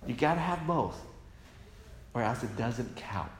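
A male pastor with a mid-range voice preaches at a measured pace, very animated, hammering home emphatic refrains again and again. The church hall recording is echoey, with long reverb and faint noise.

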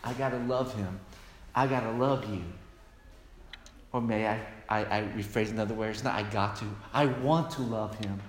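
A man's voice: lowish voice, moderate pace. A male pastor preaching a sermon with emphatic, repeated refrains, recorded in a church hall. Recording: echoey hall with long reverb, faint noise.

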